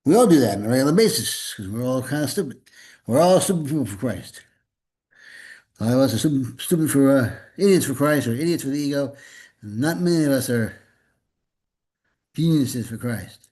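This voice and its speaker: A man's voice: medium pitch, animated, fairly quick, long pauses, mellow, slightly rough. A man leading a spiritual gathering and giving an informal, rambling sermon, often repeating words and slipping in jokes.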